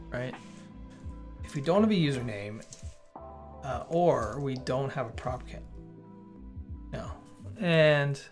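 Guy live coding, gravelly voice, talks to himself a lot, faint music behind. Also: fairly high pitch, a bit bright. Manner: thinking aloud, self-correcting, chatty asides to the viewer. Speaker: developer teaching coding on a livestream. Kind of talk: casual live coding walkthrough. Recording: light background music.

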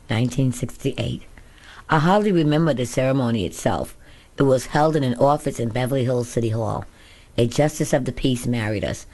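An author narrates her own memoir as an audiobook, telling her story candidly in the first person. Her voice is extremely low in pitch and a little mellow.

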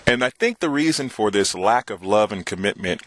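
An American man in his forties talking slowly to camera in a casual monologue, with many pauses and fillers. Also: fairly low pitch, animated, fairly bright tone, dry recording. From United States. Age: 40s. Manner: slow, hesitant, many fillers. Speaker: vlogger. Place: abroad.

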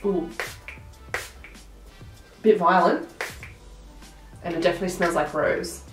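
A woman's voice: fairly low pitch, slow pace, roomy sound, faint music behind. Chatty woman with a blocked nose. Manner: chatty, narrating each step as she works. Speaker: beauty vlogger. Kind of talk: makeup tutorial talk.

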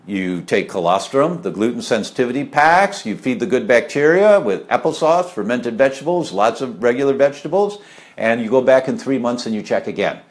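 A man's voice: mid-range voice, animated, brisk. A middle-aged man talking casually and live about health, rambling with many fillers and asides while answering viewer questions.

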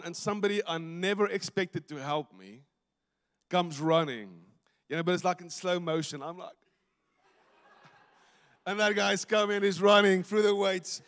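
Man, South African accent, pastor, animated storytelling sermon, high voice, long hall reverb. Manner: animated, acts out dialogue, breaks into laughter. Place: church stage.

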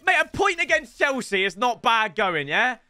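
A young man excitedly commentating his own football video game career, full of banter and loud outbursts. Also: very high voice, normal speed, no room sound, soft background music. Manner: excitable, banter-filled and loud, swinging into mock impressions. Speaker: gaming streamer.

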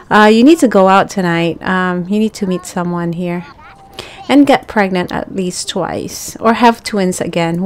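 A woman talks her way through a life-simulation game at an unhurried, drawn-out pace. She chats to the characters on screen, muses aloud over her choices, and breaks into excited exclamations, all in a casual commentary style. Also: medium pitch. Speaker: gaming channel host.

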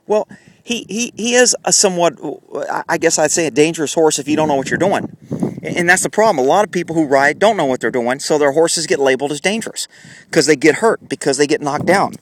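A man's voice: a little high, animated, a little fast, rough recording. A man, a horse trainer, talking casually while riding outdoors in the wind, filmed on a handheld camera and now and then putting on his horse's voice. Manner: folksy, voices the horse's thoughts in asides. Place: outdoors, on horseback in a windy pasture. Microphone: handheld camera mic while riding. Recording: faint wind and outdoor noise.

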